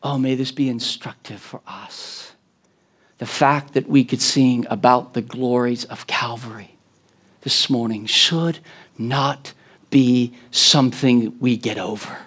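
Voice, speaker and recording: A man preaching a sermon as a guest preacher. He speaks emphatically, asks the congregation questions, and repeats words when he gets excited. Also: medium pitch, unhurried.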